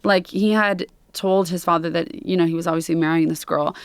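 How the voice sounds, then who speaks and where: A woman co-hosting a casual podcast, dishing out news in an emphatic, gossipy way. Her voice sits fairly low. The recording is dry, with no room sound. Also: fairly even intonation, fairly quick, smooth, dry recording. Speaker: podcast co-host. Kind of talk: casual chat.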